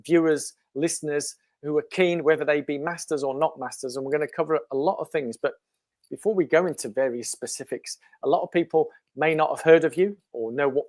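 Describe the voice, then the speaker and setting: A man's voice: fairly high pitch, dry recording. An English man hosting a podcast, chatty and enthusiastic in a casual interview. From England. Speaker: podcast host.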